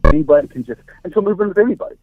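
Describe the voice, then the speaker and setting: A man on a private phone call, gossiping crudely and rapidly. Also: high-pitched, animated. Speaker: recorded caller. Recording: tinny wiretapped phone line.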